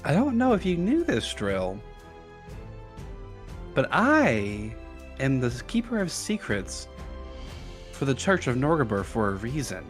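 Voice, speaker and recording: A man voicing a scheming male villain cleric who keeps secrets, talking softly and savoring his threats in a tabletop game. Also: medium pitch, wildly swooping pitch, unhurried, pauses often, soft background music. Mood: gloating. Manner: soft, menacing, savoring.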